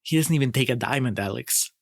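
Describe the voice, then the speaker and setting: Animated laughing man in dry sound. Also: mid-range voice, fast talker, gravelly, no room sound. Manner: animated, laughing, swears freely. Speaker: podcast co-host. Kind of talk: casual film review chat.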